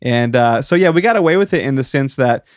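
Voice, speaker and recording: Animated man telling a story on a podcast. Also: mid-range voice, a little fast, no echo, studio quality. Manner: animated storyteller acting out quotes. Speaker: podcast co-host. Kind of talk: casual storytelling chat.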